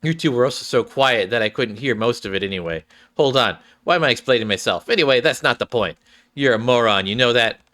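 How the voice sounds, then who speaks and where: A man reading the part of a brash, blunt young female fighter who scolds others and rushes to explain herself. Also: medium pitch, lively intonation, pushed and bright. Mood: scolding.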